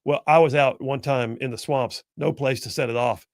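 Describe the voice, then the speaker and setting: Folksy talk-radio host, gravelly. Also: male voice, mid-range voice, fairly even intonation, normal speed, no room sound, clean studio sound. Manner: folksy storyteller, jokey asides. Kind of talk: casual call-in talk radio chat.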